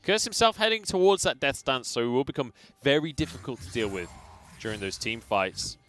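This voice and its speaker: A man's voice: mid-range voice, animated, a little fast, fairly bright tone. A man casting a professional esports match, trading jokey banter with his co-caster between calls. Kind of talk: play-by-play and colour commentary.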